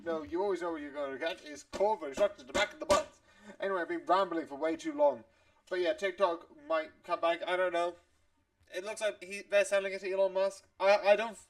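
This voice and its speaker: A male vlogger chatting casually and rambling from one thought to the next. He laughs easily at himself, in a slightly high voice. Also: creaky, distant mic. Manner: giggly and rambling, quick to laugh.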